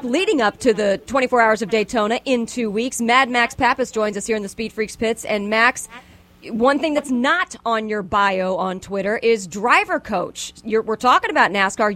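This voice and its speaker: A woman's voice: fairly high pitch, animated, moderate pace, a bit bright. A woman hosting a radio interview, asking questions in a teasing, upbeat way. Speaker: radio show host.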